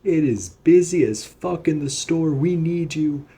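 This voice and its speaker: A man's voice: fairly high pitch, completely flat delivery, fast talker, vocal fry, warm tone, slightly rough, pitched above the performer's own voice, full character voice. A young man putting on the voice of his angry male manager, profane and exasperated. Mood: furious. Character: furious male shift manager yelling at workers.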